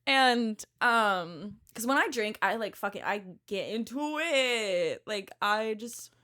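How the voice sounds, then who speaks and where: A woman in her twenties, a podcast guest telling a story in casual chat, animated, laughing often and swearing freely. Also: medium pitch, slow pace.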